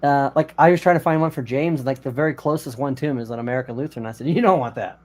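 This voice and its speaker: A man's voice: mid-range voice, rapid-fire. Rambling, laughing man from Colorado. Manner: rambling, animated, laughs often. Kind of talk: casual chat.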